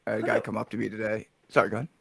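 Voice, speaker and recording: A man in casual chat, telling animated stories with a laugh. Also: fairly low pitch, very fast, vocal fry, husky, dry recording, studio quality. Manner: animated storyteller, acts out quoted voices with laughs. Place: home sewing room.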